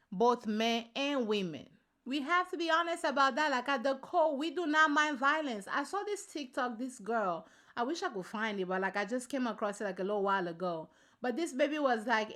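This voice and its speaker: A woman vlogger with a high, bright voice gives her views straight to camera. She talks in informal slang and hammers her points home by saying them again. Her tone stays pointed and forceful. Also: normal speed. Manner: emphatic, repeats points for stress; slangy, informal address to viewers. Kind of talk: casual opinion commentary to camera.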